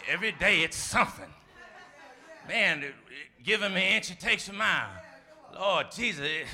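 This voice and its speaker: A man preaching a sermon, calling out to the congregation and swinging from shouted lines to quiet asides. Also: sits high, gravelly. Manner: call-and-response preaching, shifts between shouting and soft asides.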